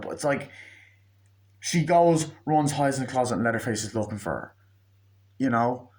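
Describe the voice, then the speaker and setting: A man giving a casual spoken movie review, ranting bluntly with lots of swearing and restarts. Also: medium pitch.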